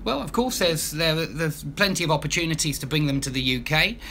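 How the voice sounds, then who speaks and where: Chatty Essex-accented English teacher. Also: male voice, a little high, expressive, a little fast, pushed and bright, slight background noise. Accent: Estuary English, Essex. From Southend, Essex, England. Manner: casual, chatty, many ums and restarts. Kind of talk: live Q&A stream.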